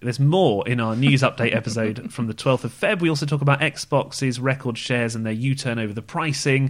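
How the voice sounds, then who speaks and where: A man's voice: medium pitch, fairly quick. A man co-hosting a podcast in casual, wry chat. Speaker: podcast co-host.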